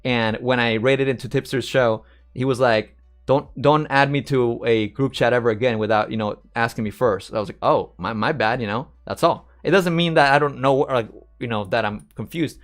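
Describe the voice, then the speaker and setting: A man's voice: mid-range voice, moderate pace, fairly bright tone, soft background music. A man commenting casually on a replayed call, rambling and repeating himself. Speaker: streamer reacting to a clip of his own call-in.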